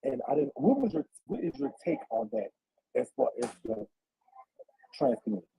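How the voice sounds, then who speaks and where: A man's voice: fairly high pitch, very animated, moderate pace, gravelly, dark tone, slightly rough, low-quality recording. A man hosting a casual livestream interview, speaking hesitantly with many fillers and encouraging his guest.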